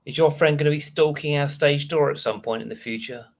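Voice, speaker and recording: A man's voice: a little high, fairly quick, gravelly. A man with a British accent hosting a casual live stream, rambling and chatting as he answers viewer comments between asides.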